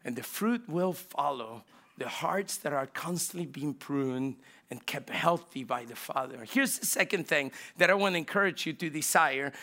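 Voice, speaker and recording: Animated, gravelly-voiced man preaching. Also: a little high. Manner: animated storytelling, swings from loud bursts to hushed asides. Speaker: pastor. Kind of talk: sermon.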